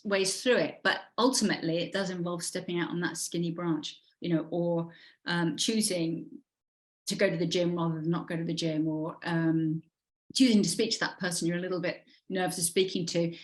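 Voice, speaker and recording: A middle-aged woman, a guest coach who talks thoughtfully and pauses often with fillers. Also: on the low side. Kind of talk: conversational interview.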